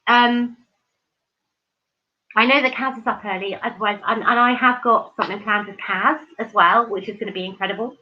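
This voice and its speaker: A woman's voice: fairly high pitch, steady tone, moderate pace. A woman hosting a live stream, chatting casually and effusively with viewers, reading out their comments with many ums and restarts. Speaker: livestream host. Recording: dull lo-fi stream audio.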